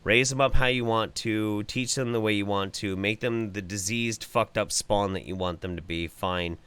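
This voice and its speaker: A man's voice: on the low side, normal speed, fairly bright tone, clean tone. Angry swearing male commentator. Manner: angry, sarcastic, swearing, then apologetic. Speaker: host reacting to clips. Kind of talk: profane ranting commentary.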